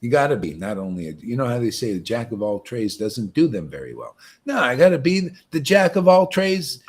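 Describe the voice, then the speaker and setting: A man's voice: mid-range voice, sing-song, fairly quick, husky. A man teaching a meditation session in a loose, joking way, often tossing in "man" and "you know" and laughing at his own jokes. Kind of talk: casual spiritual talk on a livestream.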